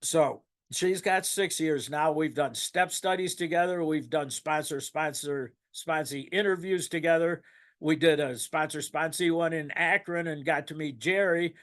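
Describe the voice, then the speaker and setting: Older man, rambling and emotional, high-ish voice. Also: a little slow, a bit bright. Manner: rambling, emotional, laughs and chokes up. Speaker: speaker at a recovery meeting. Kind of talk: personal testimony, casual storytelling.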